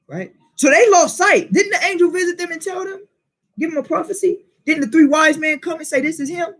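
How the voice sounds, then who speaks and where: A man leading a Bible class, preaching in an animated way and firing questions at the listeners. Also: very high-pitched, a little fast.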